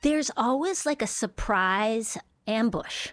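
A woman's voice: a little high, animated, slow, no room sound. A woman comedian from Duluth with a Minnesotan accent, chatting in an interview and slipping into voices as she talks. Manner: mimics voices, soft trailing delivery. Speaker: comedian guest. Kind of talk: casual interview chat.

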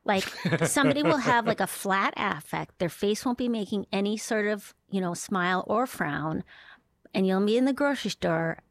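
A middle-aged woman with a Minnesotan accent, a comedian chatting in an interview, soft-spoken and playful, slipping into little impressions. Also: medium pitch, lively intonation, moderate pace, gravelly, no echo, clean studio sound. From Duluth, Minnesota. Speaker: comedian guest. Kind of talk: casual interview chat.

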